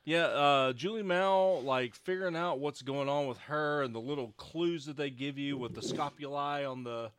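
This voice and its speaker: A man's voice: fairly high pitch, moderate pace, hardly any pauses, a bit bright, slight background noise. A man in casual conversation about a TV show, talking with many fillers and restarts. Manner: hesitant, many fillers, acts out quoted lines. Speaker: co-host discussing a TV show. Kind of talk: casual chat.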